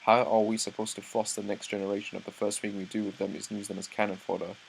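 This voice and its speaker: Young male reactor with a low voice who reads panels aloud and trips over words. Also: fast talker, vocal fry, a little hiss or hum, rough recording. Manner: reads dialogue aloud, breaks off into excited asides, stumbles and restarts. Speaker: manga reaction host. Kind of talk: live reaction read-through.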